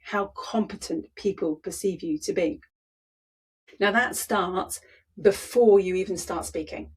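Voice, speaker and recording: A woman's voice: mid-range voice, a little mellow, breathy edge. A woman speaking coach presenting a training talk, demonstrative and emphatic, often repeating words for effect.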